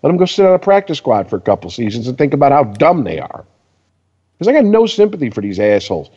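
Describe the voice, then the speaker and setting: A man's voice: mid-range voice, fast, slightly rough, long reverb tail, lo-fi sound. A man ranting in profane casual sports chat as a podcast co-host. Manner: ranting, heavy swearing, animated.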